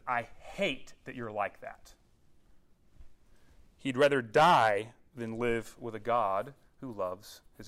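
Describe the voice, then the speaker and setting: A man, teaching a casual Bible lesson to young people and often checking in with his listeners. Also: medium pitch. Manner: conversational, checks in with "all right?" and "okay?". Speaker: youth pastor.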